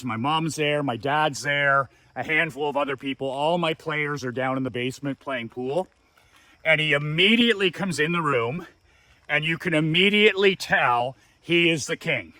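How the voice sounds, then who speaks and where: A man tells his story with punchy emphasis, often repeating a word to drive it home. His voice sits a little high and has a bright, forceful edge. It is recorded dry and close, with no room sound. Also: no echo. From Canada. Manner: emphatic, repeats words for effect. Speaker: business coach telling a story. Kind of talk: casual storytelling.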